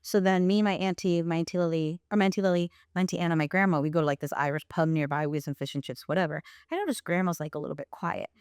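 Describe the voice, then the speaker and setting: A woman guest on a podcast, casually telling a personal story in a lively, animated way. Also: on the low side, fast, few pauses, clear, resonant tone, dry recording, studio quality. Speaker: podcast guest, playwright and performer.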